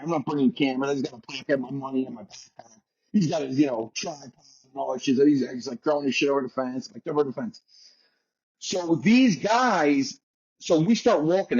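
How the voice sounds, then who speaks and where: A man's voice: fairly high pitch, darkish tone, highs cut off. An American man on a call, telling a long, profane travel story in a rambling, casual way. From United States. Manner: rambling, profane, fast bursts. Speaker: guest.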